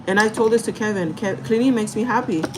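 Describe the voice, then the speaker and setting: A woman's voice: mid-range voice, fast talker, noisy background. A young woman chatting candidly to camera in a storytime vlog, emotional and laughing often, swearing casually. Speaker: vlogger.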